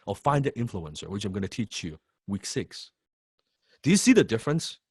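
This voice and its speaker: A man's voice: on the low side, sing-song, moderate pace, slightly rough, no echo, clean studio sound. A man coaching sales students in an emphatic, repetitive way, swearing freely. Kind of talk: lecture to students.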